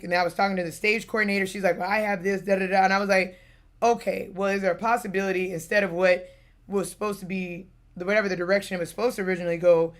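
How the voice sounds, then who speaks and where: A young woman chats on her livestream, spinning a long story with lots of fillers and quick asides. Her voice sits in a middle range, easygoing and unpolished. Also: medium pitch. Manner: rambling, animated storytelling with many fillers. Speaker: streamer. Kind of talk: casual livestream chat.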